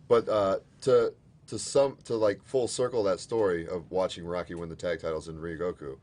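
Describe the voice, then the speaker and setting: A man's voice: low-pitched, fairly even intonation, normal speed, a little mellow. A man appearing as a guest on a live stream, talking in a laid-back, dry way and teasing the host. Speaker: guest, pro wrestler. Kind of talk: casual interview chat.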